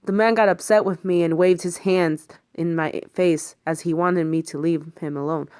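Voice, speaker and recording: With a smooth, lowish voice at a moderate pace, a woman narrates a first-person thriller and takes on every other character's voice. Her delivery is lively, with swearing in tense moments, and the studio-quality audio has no room sound.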